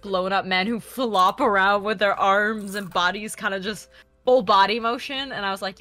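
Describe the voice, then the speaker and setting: A woman chatting casually during a game read-through. She tells stories in a giggly, animated way. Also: medium pitch, normal speed. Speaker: co-host.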